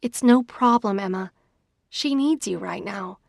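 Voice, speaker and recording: A woman's voice: mid-range voice, unhurried, creaky, dry recording, studio quality. A woman voicing a friendly young woman who teases and laughs on the phone in an audiobook. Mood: teasing. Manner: teasing and warm. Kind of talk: audiobook dialogue reading.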